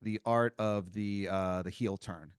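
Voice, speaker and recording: A man hosting a comedy podcast, improvising a story in a rambling, halting way with many fillers and giggles. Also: on the low side, fairly even intonation, clear, resonant tone, dry recording, studio quality. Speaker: podcast host.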